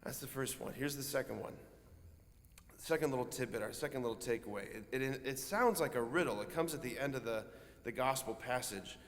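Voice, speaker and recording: A man's voice: mid-range voice, fairly quick, big-room sound. A man, a Catholic priest, giving a homily in an earnest, conversational way, often dropping casual asides into his preaching.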